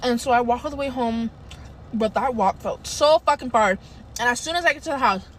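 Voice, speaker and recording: A young woman spins a casual storytime anecdote, cursing freely and animated throughout. Her voice sits a bit high, and a faint hiss runs under it. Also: brisk. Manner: profane, animated, swears a lot.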